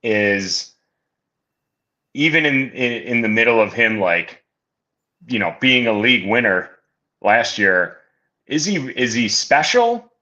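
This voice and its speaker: A man's voice: medium pitch, takes it slowly, long pauses, lo-fi sound. A man appearing as a guest on a podcast, chatting and joking about fantasy football. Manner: animated, joking, laughs often. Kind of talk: casual fantasy football chat.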